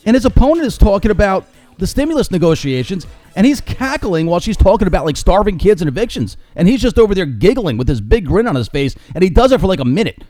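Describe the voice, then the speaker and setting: A man's voice: sits high, sing-song, fast, warm tone, dry recording, faint music behind. A man hosting a solo podcast, ranting with sarcasm and mockery about current events. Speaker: podcast host. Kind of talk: opinionated solo commentary.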